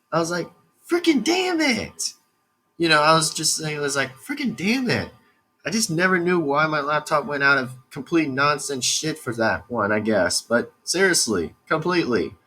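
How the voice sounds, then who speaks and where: A man's voice: mid-range voice, pushed and bright. A young man vlogging in a rambling, repetitive way, swearing casually as he tells a story.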